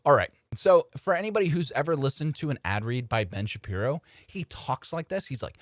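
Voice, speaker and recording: Animated man giving casual commentary. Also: fairly high pitch, normal speed, few pauses, no room sound, studio quality. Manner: animated and conversational, addressing viewers as folks. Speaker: host of a political commentary channel.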